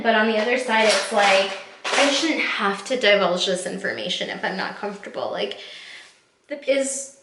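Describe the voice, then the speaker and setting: A woman's voice: medium pitch, background noise. A woman in her thirties talking candidly to camera at home in a get-ready-with-me vlog, rambling and heartfelt with lots of fillers. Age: 30s. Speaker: vlogger. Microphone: camera mic. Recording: roomy echo.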